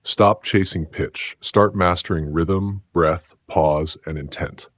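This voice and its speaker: A man giving scripted motivational narration in a slow, deliberate, measured way, with a very deep, husky voice. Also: a bit bright, no echo.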